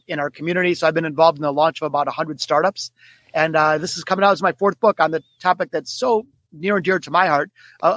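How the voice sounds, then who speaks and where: Man, 40s, podcast guest, quick energetic storytelling, slightly high voice. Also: dry recording. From Detroit, United States. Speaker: guest author. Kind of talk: podcast interview.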